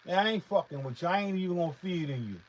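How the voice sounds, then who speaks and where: A man's voice: sits high, lively intonation, racing, poor audio. Heated, profane man ranting to his chat. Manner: profane, heated, repetitive, swinging loud and quiet. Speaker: beat producer streaming live. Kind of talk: casual livestream rant to chat.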